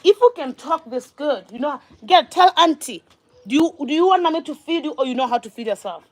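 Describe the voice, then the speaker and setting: A woman with a high voice talks warmly and animatedly at her breakfast table, cheering on her little boys. She turns now and then to address her followers, in the loose flow of a home vlog. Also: brisk, no echo. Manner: animated, coaxing and praising her young sons. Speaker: vlogger and mother. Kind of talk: casual family vlog.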